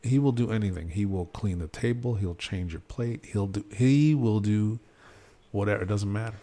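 A man's voice: fairly low pitch, moderate pace, dark tone. A man on a casual podcast, telling a story animatedly with lots of fillers and acted-out quotes. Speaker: podcast host. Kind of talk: casual chat.

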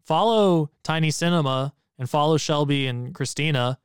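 A man's voice: fairly high pitch, moderate pace, smooth, no room sound, studio quality. A man co-hosting a movie podcast in casual chat, laid-back and joking, swearing now and then. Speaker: podcast co-host.

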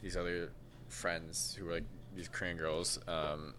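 A man's voice: deep voice, level tone, measured pace, sharp tone, a little hiss or hum. A man in his twenties, a cooking creator, chatting casually as a podcast guest in a dry, laid-back way and swearing offhandedly.

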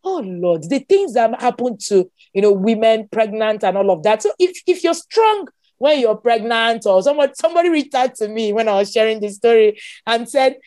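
A Nigerian woman with a fairly high voice tells her story with plenty of exclamations and laughter. She sounds close and dry, with no room sound around her. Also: moderate pace, no room sound. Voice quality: expressive, exclaims often, laughs while telling. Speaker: guest. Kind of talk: animated personal storytelling.

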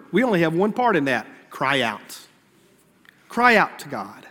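Male pastor, high and bright, earnest sermon delivery in a church with long echo. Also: sing-song, moderate pace. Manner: earnest preaching, swinging between raised emphasis and hushed prayerful lines.

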